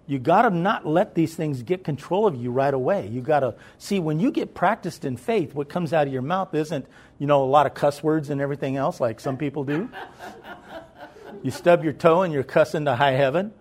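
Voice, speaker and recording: A man preaching a sermon in a conversational tone. He often checks whether the listeners are following, then rises into loud, emphatic preaching. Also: on the high side, normal speed.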